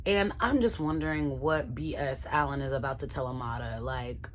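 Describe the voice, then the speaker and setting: Low-voiced woman chatting to viewers. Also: normal speed, slight background noise. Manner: chatty, addresses viewers as y'all. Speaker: reality TV recap vlogger. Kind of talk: casual reaction recap.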